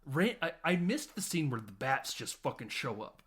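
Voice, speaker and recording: Male podcast host, casual and profane film recap, laughs a lot, mid-pitched. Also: moderate pace, noisy background. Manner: laughing, profane, animated retelling with quoted lines.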